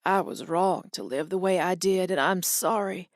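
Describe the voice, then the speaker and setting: A woman voicing a dying old father, out of breath and speaking in halting, broken phrases. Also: on the low side, no room sound, studio quality, natural voice. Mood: pleading.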